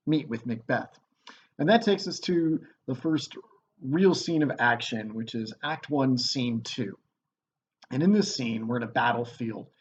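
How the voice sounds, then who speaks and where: A man teaching a literature lesson in a relaxed, chatty way, recorded on a computer mic. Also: mid-range voice, muffled recording, a little hiss or hum.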